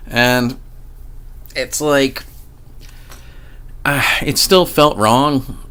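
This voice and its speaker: A man's voice: mid-range voice, steady tone, drawn-out words, pushed and bright, smooth. Rambling, profane male storyteller. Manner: profane, rambling, with frequent restarts. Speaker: vlogger. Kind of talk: casual paranormal storytelling.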